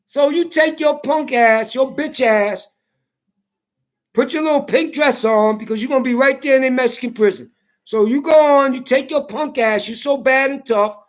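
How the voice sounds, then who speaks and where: A woman vlogger delivering an angry, profane political rant to camera, taunting and repeating herself, rising to shouts at times. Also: sits high. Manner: profane, confrontational, repetitive taunting.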